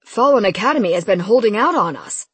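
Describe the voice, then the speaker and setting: A woman voicing a booming arena fight announcer with drawn-out showman delivery in a storybook reading. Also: lively intonation, breathy edge, no room sound.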